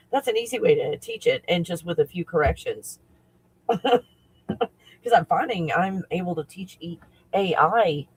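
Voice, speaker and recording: A man who works as a spiritual coach talks casually on a livestream, excitable and rambling, often breaking into laughter. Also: a little high, slightly rough, rough recording.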